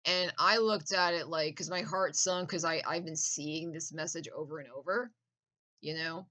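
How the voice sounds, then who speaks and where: A woman's voice: sits low, steady tone, normal speed, pushed and bright, low-quality recording. A woman in a casual, profane, intense rant with laughing asides.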